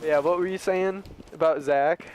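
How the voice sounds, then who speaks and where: A man co-hosting a casual gaming podcast, telling animated stories while he plays. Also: a little high, normal speed, slight background noise. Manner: animated storyteller who acts out shouted quotes. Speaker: podcast co-host. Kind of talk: casual gaming chat over gameplay.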